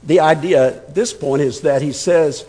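A man's voice: on the high side, moderate pace, warm tone, slightly rough, big-room sound. A man preaching an expository sermon, emphatic and conversational, repeating words as he thinks. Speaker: pastor.

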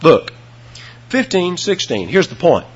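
A man preaching an expository sermon, emphatic, with dramatic swings in pitch and loudness, on a dull lo-fi recording. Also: very animated, a little slow, husky.

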